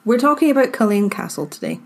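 A woman's voice: on the high side, sing-song, fast talker, darkish tone. A woman co-hosting a podcast, chatting casually and laughing easily as she reads from her notes. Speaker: podcast co-host presenting the story. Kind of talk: casual chat.

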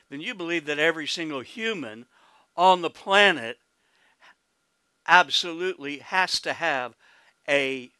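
This man, a pastor with an Oklahoman accent, gives a folksy sermon full of exclamations, easy laughs, and hallelujahs while calling out to the congregation. His voice runs on the high side, pushed and bright, clean with no room sound.

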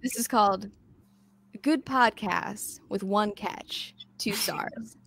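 A woman's voice: mid-range voice, slow pace, vocal fry, a bit bright, a little hiss or hum. A woman guesting on a show over a video call, chatting casually with lots of fillers and restarts. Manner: hesitant, many fillers and restarts, laughs while talking. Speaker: podcast guest. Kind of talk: casual chat.

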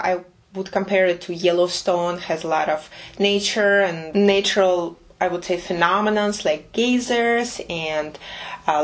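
Woman, language teacher, patient, repeats phrases, casual. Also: on the low side. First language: Russian. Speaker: Russian teacher.

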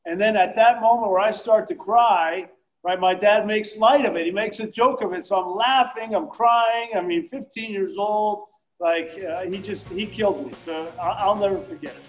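A man's voice: sits high, moderate pace, lo-fi sound, soft background music. A man guest on a podcast interview, telling a family anecdote animatedly with frequent restarts. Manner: animated storyteller, repeats words. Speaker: guest broadcaster.

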